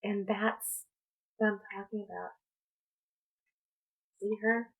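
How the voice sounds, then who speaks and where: A woman speaking as a spiritual coach in a personal vlog, talking in a slow, halting, reflective way. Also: mid-range voice, fairly even intonation, gravelly, phone-quality sound. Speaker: spiritual coach and tarot reader.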